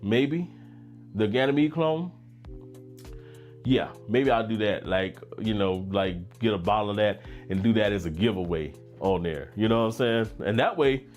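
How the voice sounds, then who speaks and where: A middle-aged man from Baton Rouge with a Louisiana accent hosts a casual fragrance livestream, talking in a laid-back, chatty way and reading chat comments aloud. His voice is on the low side with a darkish tone.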